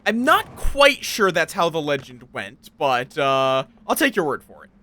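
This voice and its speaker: A playful male game streamer rambles on, greeting his chat as he plays. His voice sits high and swoops up and down with a lively, animated range. The tone is bright and a little sharp. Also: a little slow. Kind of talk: casual live-stream chatter.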